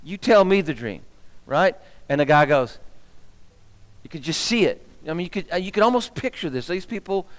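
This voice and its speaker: A man's voice: on the high side, a little fast. A man teaching a Bible class as minister, quizzing the room and getting fired up as he talks. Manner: animated, asks the room questions, gets fired up. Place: church hall. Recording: long echo of a church hall.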